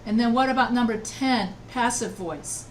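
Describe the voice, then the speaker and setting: A woman's voice: on the high side, normal speed, distant mic, slight background noise. A woman writing instructor teaching an online class, patiently repeating answers and checking that students follow. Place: video call from home.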